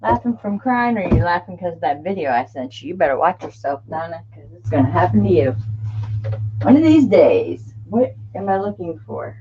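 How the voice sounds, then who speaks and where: A woman's voice: on the low side, sing-song, moderate pace, warm tone, a little hiss or hum. Woman, middle-aged, craft live-stream host, chatty, laughs a lot, dull lo-fi sound. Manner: chatty, laughs often, greets viewers by name. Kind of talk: casual live-stream chat.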